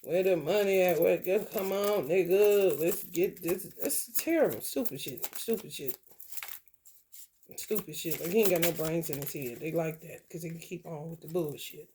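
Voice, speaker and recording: A woman's voice: lowish voice, fairly even intonation, moderate pace, few pauses, dark tone, slight background noise. Blunt, profane woman giving a tarot reading. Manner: blunt, profane, repeats phrases, laughs often. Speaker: tarot reader. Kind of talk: casual tarot reading rant.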